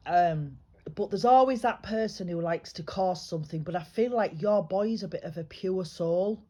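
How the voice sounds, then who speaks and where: A woman working as a psychic medium, giving a private reading in a chatty, reassuring way, often pausing and restarting her sentences. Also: on the low side, mellow. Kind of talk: private spiritual reading, casual chat.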